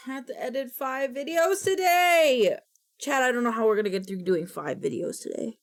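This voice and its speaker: A woman's voice: high voice, moderate pace. A woman streamer chatting casually on a live stream, rambling and frustrated, sometimes slipping into goofy baby talk.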